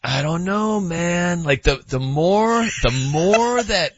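A man's voice: sits high, lively intonation, dry recording, dull audio, exaggerated voice. A man imitating a rambling, unsure guy. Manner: halting, repeats himself. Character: rambling young male co-host, unsure.

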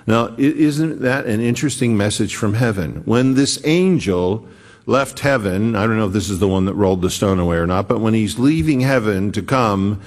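A man preaching a sermon, retelling scripture slowly and earnestly with frequent restarts. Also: on the low side. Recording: long hall reverb.

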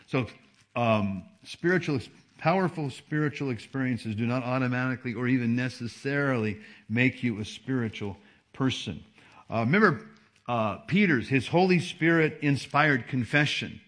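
Animated male pastor preaching a sermon. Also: medium pitch, normal speed. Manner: animated preaching, swinging between soft asides and emphatic peaks. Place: church service.

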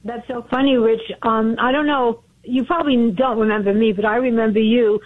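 A woman's voice: fairly high pitch, fairly even intonation, brisk. A woman from Brooklyn calling in to a radio show, chatty and earnest, heard over a phone line. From Brooklyn, New York. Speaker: caller. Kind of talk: phone-in call.

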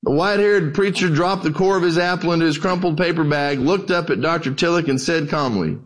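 A man's voice: on the high side, a little fast, hardly any pauses, poor audio. A male pastor telling stories from the pulpit in a loose, folksy, conversational way. His voice sits a little above the usual male range. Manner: conversational, folksy, animated storyteller. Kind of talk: sermon storytelling.

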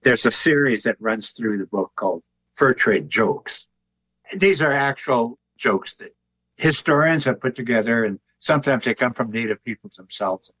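An older man, an author and artist, telling stories in a relaxed, anecdotal way during an interview. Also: medium pitch, moderate pace, slightly rough, rough recording. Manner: relaxed anecdotal telling, chuckles at his own jokes. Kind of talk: conversational interview storytelling.

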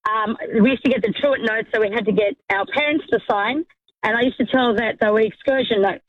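A woman's voice: fairly high pitch, fairly quick, no room sound. A woman calling a radio show with a chatty anecdote. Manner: chatty, filler-heavy. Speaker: caller. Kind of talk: phone-in anecdote. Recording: dull phone line with faint hiss.

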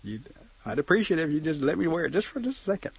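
A man's voice: fairly high pitch, big pitch swings, rapid-fire, gravelly, breathy edge, dry recording, dull audio, pitched above the performer's own voice, full character voice. A man voicing a vain, pushy male turkey who coaxes and wheedles in a folk tale. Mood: wheedling. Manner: coaxing, wheedling.

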